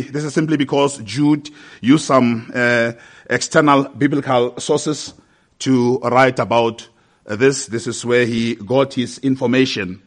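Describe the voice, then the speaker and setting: A pastor preaches a sermon in a medium-pitched voice, sounding measured and occasionally hesitant. As he reads scripture aloud, he becomes more forceful.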